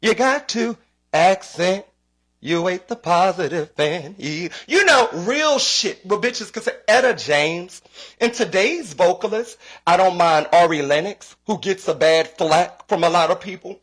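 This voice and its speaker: A young man and comedian ranting in a casual comic style, profane and animated, often repeating himself. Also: sits high, a little slow.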